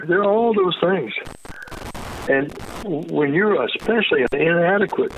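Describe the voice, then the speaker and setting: An older man, a retired undercover agent, talking casually and emphatically, agitated and swearing, with sudden high bursts. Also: a little slow, phone-quality sound, slight background noise. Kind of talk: casual conversation.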